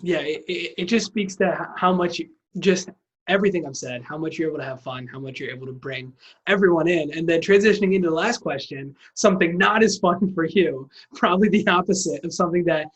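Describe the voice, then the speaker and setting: A man hosting a podcast, asking questions in a halting way, repeating words as he frames them. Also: fairly high pitch, dull audio. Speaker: podcast host. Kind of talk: casual interview questions.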